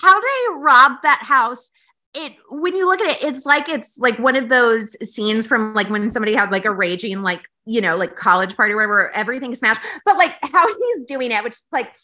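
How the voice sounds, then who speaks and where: A woman chats as a podcast guest, rambling and sarcastic with plenty of swearing. Her voice is high and bright. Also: lively intonation, fairly quick. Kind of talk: casual podcast chat.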